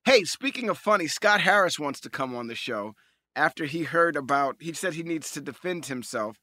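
A man co-hosting a podcast in casual chat, mostly dry and low-key with sudden excited bursts. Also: moderate pace, no room sound. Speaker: podcast co-host.

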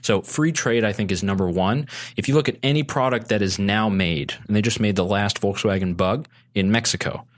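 Earnest man explaining policy, low voice. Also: fairly quick, hardly any pauses. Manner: earnest, explains at length with restarts. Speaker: guest, policy advocate. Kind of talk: casual podcast conversation.

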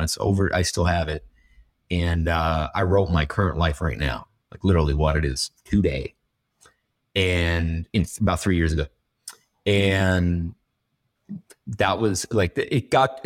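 A man speaking as an interview guest, frank and rambling, swearing freely and restarting his sentences often. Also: on the low side. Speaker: guest entrepreneur. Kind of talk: candid conversational interview.

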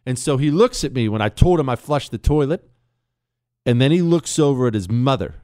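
Sarcastic, lively male talk show host. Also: medium pitch, fairly quick, no room sound, studio quality. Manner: animated, sarcastic storytelling. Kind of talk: talk radio monologue.

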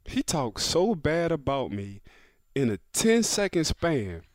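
Ex-player co-host, animated raconteur, voice leaps around, dry mic. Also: male voice, slow, dry recording. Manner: animated storyteller who acts out quotes, jumping high and dropping low. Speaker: co-host, former football player. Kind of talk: casual storytelling chat.

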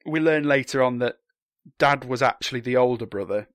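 A man's voice: mid-range voice, brisk, no echo, studio quality. A man casually recapping a film on a podcast, joking and swearing with many ums. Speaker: podcast co-host.

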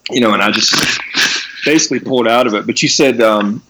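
A man in his forties, a guest in a casual interview, telling animated road stories and swearing freely. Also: medium pitch, a little fast, background noise. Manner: animated storyteller, swears freely, acts out quotes.

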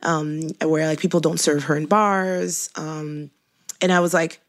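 A woman's voice: low voice, little pitch movement, unhurried. A woman guest on a podcast, chatting casually and telling a long story with many restarts and stammers. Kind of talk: casual chat.

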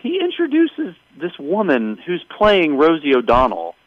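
A man hosting a casual podcast chat, recapping events as an animated storyteller with wry asides. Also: a little high, unhurried, no room sound, highs cut off.

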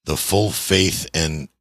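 A man with a gravelly voice, ranting to viewers about money in a blunt, sarcastic way with folksy slang. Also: rumbling low, fairly bright tone, dry recording, clean studio sound. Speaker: veteran talking about money. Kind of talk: casual rant to viewers.

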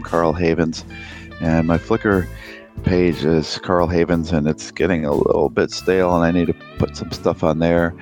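Very deep, joking casual man. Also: darkish tone. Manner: loose, joking, sweary. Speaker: podcast co-host. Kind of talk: casual chat over a call.

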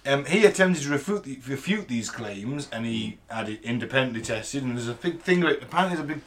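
Bright, sweary British podcast host. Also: male voice, medium pitch, expressive, fast talker. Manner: relays researched facts, chatty, joking, sweary. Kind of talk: casual chat.

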